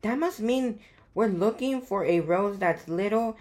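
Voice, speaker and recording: A woman reading aloud as a bubbly young girl detective who loves pink, playful and slow. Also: mid-range voice, animated, a little mellow, lightly acted.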